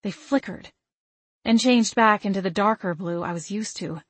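A woman narrating a first-person novel with an expressive, emotional reading. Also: mid-range voice, moderate pace, no echo. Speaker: audiobook narrator.

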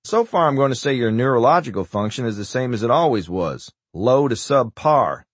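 A man's voice: mid-range voice, animated, moderate pace, breathy edge, no echo. A man voicing a wisecracking male doctor who puts on a bad Scottish accent, in an audiobook. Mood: teasing. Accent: fake Scottish. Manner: teasing, wisecracking. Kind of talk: audiobook character voice.

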